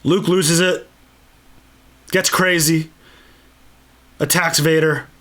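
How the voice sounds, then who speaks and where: Slow, enthusiastic, swearing man. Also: on the high side, fairly even intonation, a bit bright. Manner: enthusiastic and profane. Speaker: channel host. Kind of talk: casual movie commentary.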